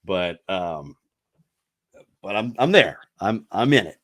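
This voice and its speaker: Hosting a casual podcast, this middle-aged radio host is chatty and meandering, frequently laughing and starting sentences over. He speaks slowly in a low-pitched, expressive voice with a fairly bright tone.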